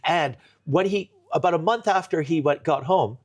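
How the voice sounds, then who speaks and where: Man, comedian guest, animated storyteller, slightly higher voice, many restarts. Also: moderate pace. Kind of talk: casual storytelling chat. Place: kitchen.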